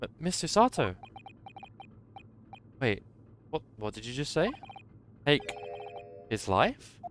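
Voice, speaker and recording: A man's voice: mid-range voice, big pitch swings, takes it slowly, noisy background. A streamer voicing a stammering panicked young man. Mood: flustered. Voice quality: stammering, flustered. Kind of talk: reading a game aloud in character.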